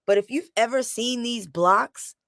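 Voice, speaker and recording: A woman vlogger chatting to camera, telling a story with animated repetition and acted-out quotes. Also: fairly high pitch, measured pace, creaky, no echo, clean studio sound. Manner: animated storytelling, acts out quotes and repeats phrases. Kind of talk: casual chat to camera.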